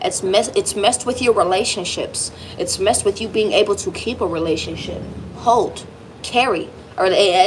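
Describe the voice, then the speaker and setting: A woman's voice: mid-range voice, a little hiss or hum, poor audio. A woman giving a tarot reading straight to her viewer, emphatic and reassuring, swearing casually as she goes. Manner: lively, emphatic, swearing, speaks directly to the viewer. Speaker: tarot reader.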